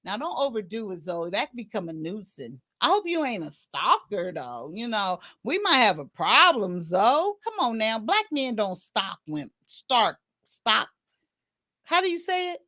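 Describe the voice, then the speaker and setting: Woman livestream host: high, very expressive voice, teasing and giggly, casual chat. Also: normal speed, few pauses, dry recording. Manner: teasing, laughs often.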